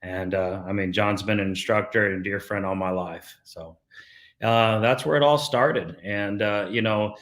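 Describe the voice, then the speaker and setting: A man's voice: on the low side, a little slow, a bit bright. A middle-aged man from South Texas, a golfer guest, telling stories in casual talk, full of fillers and restarts. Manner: storytelling with many fillers and restarts.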